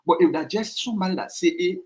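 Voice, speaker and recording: A man with a Liberian English accent hosting a podcast and arguing his point, repeating himself and jumping up high when worked up. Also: fast talker, darkish tone, low-quality recording. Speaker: podcast host. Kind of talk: heated podcast debate.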